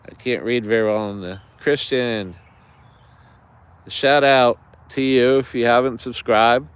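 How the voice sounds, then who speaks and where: A man's voice: mid-range voice, smooth, no room sound. A man hosting an outdoors channel, rambling chattily to viewers in a livestream from the woods. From United States. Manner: chatty, digressive, many fillers, greets viewers.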